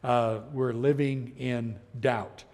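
Gravelly middle-aged man teaching in a hall. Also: medium pitch, slow. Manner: animated storytelling, acting out quoted voices; chuckles as he talks. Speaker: Bible teacher. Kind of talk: teaching a Bible class. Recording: long hall reverb.

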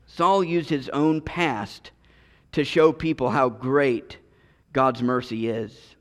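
A man's voice: medium pitch, steady tone, slow. A man preaching a sermon as pastor, earnest, often repeating and restarting his words. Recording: long reverb of a large hall.

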